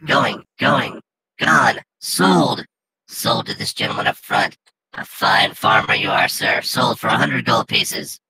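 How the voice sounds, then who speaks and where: A man voicing a shifty male goblin auctioneer who hawks his wares loudly in broken speech. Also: lowish voice, takes it slowly, slight background noise, exaggerated voice, rough recording. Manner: broken speech, loud sales patter.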